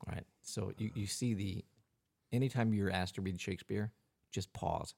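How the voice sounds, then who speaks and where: A man's voice: fairly low pitch, normal speed, gravelly, darkish tone. A man hosting a comedy podcast in casual chat, laughing often and directing the others. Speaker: podcast host.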